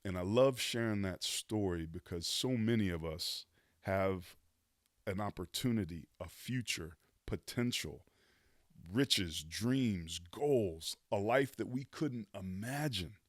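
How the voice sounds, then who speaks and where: A man in his fifties with a fairly low voice shares his story as a podcast guest. He is earnest and motivational and drops casual words like "dude" and "man." The sound is dry, with no room echo. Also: lively intonation, slow. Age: 50s. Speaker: podcast guest, former pro football player. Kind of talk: reflective storytelling in conversation.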